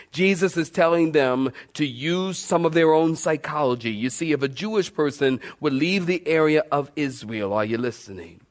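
Man, preacher, sermon, animated storytelling, fairly high voice, questions to the congregation. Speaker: pastor. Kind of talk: sermon with a humorous personal story.

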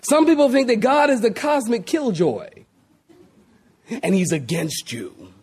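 A man preaching a sermon as pastor, addressing listeners as saints, drawing out key words with dramatic pauses and speeding up through long lists. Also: extremely high pitch, huge pitch swings, a little mellow, a little hiss or hum. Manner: acts out quoted exclamations with rising energy.

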